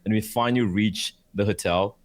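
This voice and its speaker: A man telling a story in casual chat, swearing often and acting out other people's voices. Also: normal speed. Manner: animated, swears a lot, acts out voices with high shouts. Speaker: co-host of esports talk show.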